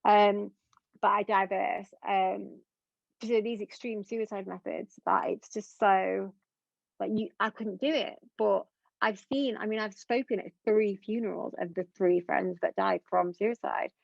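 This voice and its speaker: A young interview guest speaks candidly in an earnest, rambling manner thick with fillers. Her mid-range voice is steady with vocal fry, and her pace is measured. The recording is dry, dull, and lo-fi.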